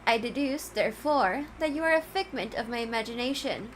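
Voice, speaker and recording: A woman's voice: fairly high pitch, lively intonation, brisk, slight background noise, close to an everyday voice, poor audio. A woman reading as a pompous talking cat. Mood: grandiloquent. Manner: grandiloquent, formal and flowery. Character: pompous, verbose male cat guide.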